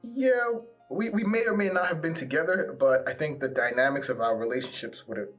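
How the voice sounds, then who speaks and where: A man in his forties telling his side of a love story in a candid, casual way, repeating words when he gets animated. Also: on the high side, fairly quick, faint music behind. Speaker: guest sharing a love story.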